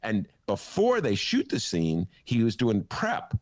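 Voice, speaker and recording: A man's voice: fairly low pitch, huge pitch swings, measured pace, no room sound, clean studio sound. A man hosting a talk show, telling a rambling, jokey story in casual banter. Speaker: host.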